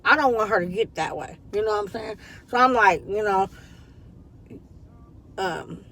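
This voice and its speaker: A woman's voice: medium pitch, unhurried, vocal fry. A woman, telling a story in a casual vlog from her parked car, acting out what people said. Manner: chatty, animated retelling with quoted dialogue. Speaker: vlogger.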